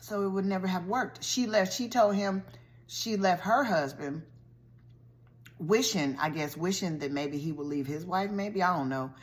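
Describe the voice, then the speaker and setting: A woman vlogger recapping a TV show's plot in a lively, colloquial storytelling style, full of slangy asides. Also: fairly low pitch, normal speed. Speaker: vlogger reviewing a TV show.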